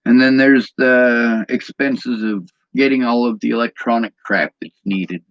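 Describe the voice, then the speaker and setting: A man's voice: mid-range voice, steady tone, unhurried, fairly bright tone, no echo, dull audio. A man in an angry personal vlog rant, bitter and agitated, swearing often.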